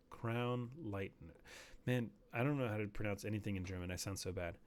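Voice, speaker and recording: A man's voice: fairly low pitch, normal speed. A man streaming a hunting game, rambling casually and dropping to a near whisper while sneaking up on animals. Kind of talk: casual gameplay commentary.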